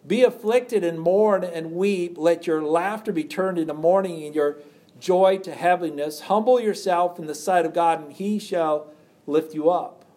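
A man preaching a sermon, reading scripture aloud and explaining it with rhetorical questions, dropping quiet for emphasis. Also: sits high, unhurried.

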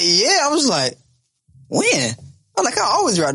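A man in his twenties telling a story in casual podcast chat, animated and profane, laughing as he talks. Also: high-pitched, brisk, slightly rough. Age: 20s. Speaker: podcast co-host.

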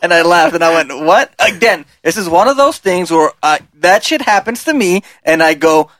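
A man's voice: fairly high pitch, lively intonation, moderate pace, fairly bright tone, no echo. A young man from the San Francisco Bay Area telling a work story in casual, rambling chat, acting out the dialogue with lots of "like". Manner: rambling, acts out quoted dialogue with filler "like".

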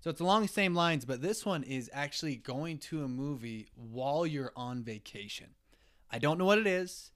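A man's voice: a little high, lively intonation, normal speed. Chatty man, podcast guest. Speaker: guest, host's brother. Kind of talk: casual chat.

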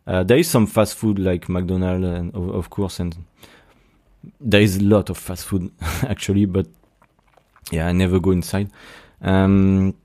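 A young man with a French accent, speaking English as a second language in a casual monologue, halting and searching for words, often restarting and laughing at himself. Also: low voice, level tone, mellow. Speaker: podcast host.

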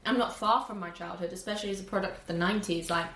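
Animated young woman in an echoey room. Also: medium pitch, very fast. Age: 20s. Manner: animated, acts out scenes with loud swearing and laughter. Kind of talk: casual movie review chat. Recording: echoey room with faint background noise.

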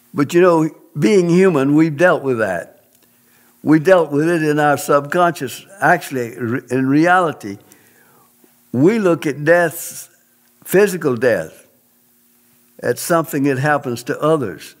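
A man telling a personal testimony in an interview, speaking in an earnest, emphatic, preacherly way. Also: fairly high pitch.

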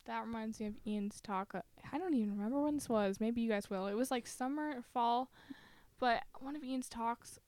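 A woman's voice: fairly high pitch, fairly quick, a little mellow, no room sound. Upbeat young woman co-host, dry sound. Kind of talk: casual podcast interview.

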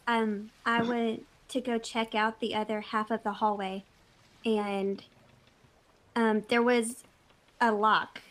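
A woman's voice: medium pitch, low-quality recording. A woman playing a tabletop game, speaking hesitantly and laughing at her dice rolls. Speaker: player.

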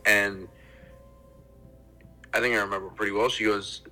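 A man's voice: lowish voice, little pitch movement, normal speed, sharp tone, faint music behind, rough recording. A man co-hosting a podcast in casual chat, telling a story in a laid-back way. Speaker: podcast co-host.

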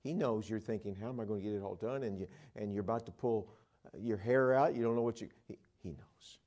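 A man preaching a sermon, telling stories and swinging between loud emphatic lines and hushed ones. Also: on the low side, fast.

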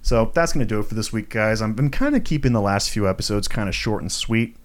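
A man's voice: on the low side, animated, fast. A young man hosting his own podcast, ranting casually, swearing freely and filling his talk with fillers and self-mocking asides. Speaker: podcast host. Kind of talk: casual solo podcast rant. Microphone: home recording setup, tripod for video.

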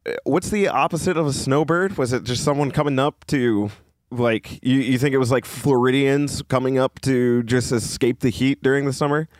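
A man's voice: medium pitch, moderate pace, no echo, clean studio sound. A man co-hosting a podcast in casual chat, easygoing and a bit hesitant. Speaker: podcast co-host.

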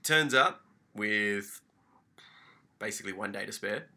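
A man on a casual podcast, telling a story as an animated, mock-furious rant. He swears freely and his tone is very bright and sharp. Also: fairly low pitch, a little slow. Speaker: podcast co-host.

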